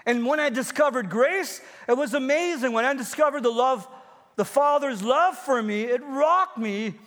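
Male pastor in his fifties with a high voice, preaching earnestly in a church with long reverb. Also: moderate pace, a bit bright. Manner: earnest, personal preaching with repeated phrases. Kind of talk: sermon.

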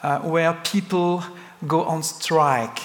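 A man from France with a French accent, a native French speaker preaching a sermon as a guest pastor, halting and repeating words as he searches for them, with light self-deprecating humor. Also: on the high side. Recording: long hall reverb, faint background noise.

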